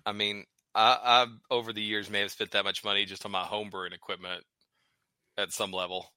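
A man with a low-set but very bright voice chats on a podcast, relaxed as he works through sums. The recording is dry and close. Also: a little fast, smooth, no echo. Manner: laid-back, works through numbers aloud. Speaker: podcast co-host. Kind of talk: casual chat.

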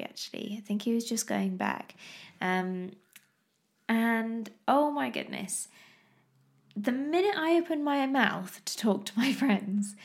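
A woman, chatting casually to camera about her toddler, animated, laughing often and losing her thread mid-sentence. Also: medium pitch, creaky.

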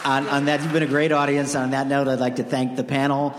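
A man moderating a festival panel, briskly calling for questions and thanking the panel. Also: medium pitch, little pitch movement. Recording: echoey hall with crowd noise.

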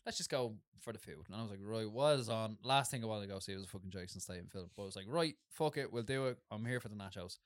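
An Irish man co-hosting a podcast, telling a story in a casual, animated and sweary way. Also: on the low side, rapid-fire, hardly any pauses, no room sound, clean studio sound. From Ireland. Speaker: podcast co-host. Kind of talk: casual chat.

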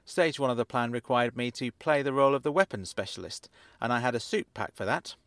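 A man reading his own comic story in the first person, with a dry, deadpan delivery. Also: mid-range voice, brisk, dry recording. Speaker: author and narrator. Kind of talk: first-person audiobook narration.

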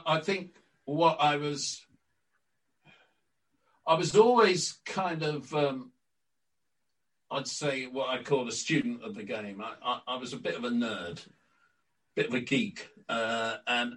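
An older man, a guest on an interview podcast, telling lively stories from his career and acting out quotes. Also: mid-range voice, distant mic, low-quality recording. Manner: lively raconteur, acts out quotes. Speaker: interview guest, former club announcer. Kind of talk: anecdotal storytelling.

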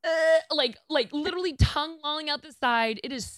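A woman with a fairly high voice tells a story in a relaxed chat, lively and quick to laugh. Her voice sits close and dry, with no room sound around it. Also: dry recording. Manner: animated, laughing through the story.

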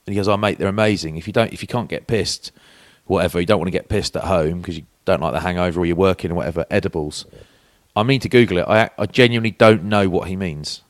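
A low-pitched, fast-talking podcast co-host in his forties trades anecdotes in casual chat, giving each quoted person their own voice. The studio sound is clean with no room noise.

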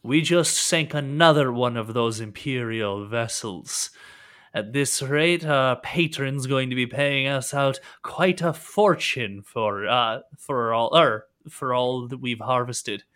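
A man doing a commanding pirate captain who barks short, gruff orders. The voice rings bright and forceful, and the captain is stern and sure of his crew. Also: medium pitch, slow pace. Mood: boastful.

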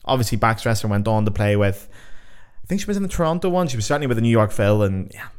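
A man hosting a podcast, counting down results like a game show in a sweary, jokey, excitable way while on a sugar high. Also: fast talker, smooth. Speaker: podcast host.

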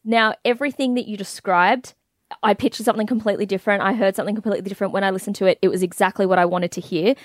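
A woman's voice: mid-range voice, fairly even intonation, very fast, no room sound, clean studio sound. A woman co-hosting a podcast, chatting about music in a bubbly, gushing way with lots of fillers. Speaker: podcast co-host. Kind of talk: casual music chat.

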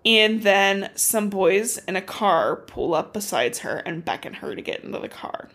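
A woman's voice: mid-range voice, moderate pace. Chatty young woman recapping a book. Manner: animated, swearing storyteller with lots of fillers. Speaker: podcast co-host. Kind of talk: casual book recap chat.

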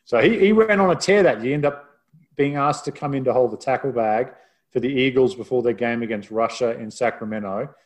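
A man's voice: medium pitch, fairly quick. A man who works as a rugby broadcaster, telling a self-deprecating story in a casual podcast chat.

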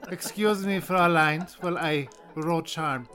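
A player voicing a pompous male doctor with a fake German accent and a hammy, drawn-out delivery. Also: mid-range voice, huge pitch swings, fairly bright tone, soft background music, heavily acted.

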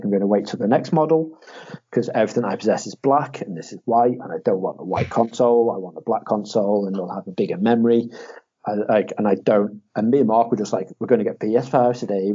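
Young man, casual podcast chat, animated storyteller, mellow husky voice. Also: lowish voice. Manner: animated storytelling, acts out quotes in a raised voice, swears, laughs often. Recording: dull lo-fi audio.

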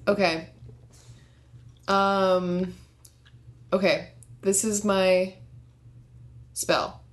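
A young woman co-hosting a casual chat, animated and laughing often, ranting with passion. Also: medium pitch, extremely slow.

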